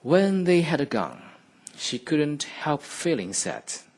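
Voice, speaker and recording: Brief: male teacher narrating a fairy tale, slow and deliberate, breathy. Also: a little high, big pitch swings. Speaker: radio English teacher. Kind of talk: slow, expressive storybook reading.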